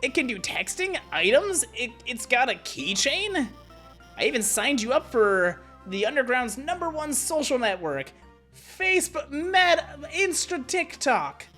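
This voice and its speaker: A nervous, nerdy female lizard scientist, played by a man streaming a game stammers and trips over her words. The voice sits high above his own and wavers with lively pitch, faint music underneath. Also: a little slow, heavily acted. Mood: flustered. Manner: stammering, hesitant. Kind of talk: streamer voicing game dialogue.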